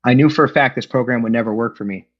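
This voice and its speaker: A man's voice: mid-range voice, very fast. A middle-aged man sharing his recovery story at an online meeting, candid and self-deprecating, with frequent fillers. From Los Angeles. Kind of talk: personal recovery talk. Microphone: video call. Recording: dull lo-fi online call audio.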